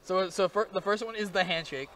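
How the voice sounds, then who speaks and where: A man's voice: high voice, a bit bright. A man doing casual, joking live-stream commentary on a card game match. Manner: joking, rapid banter with laughs.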